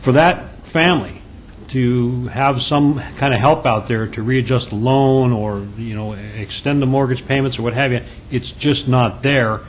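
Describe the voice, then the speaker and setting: A councilman with a mid-range voice speaks earnestly at a council meeting. He pauses, restarts and clears his throat. Light noise rumbles underneath. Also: fairly even intonation, rough recording. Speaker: city councilman. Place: council chamber.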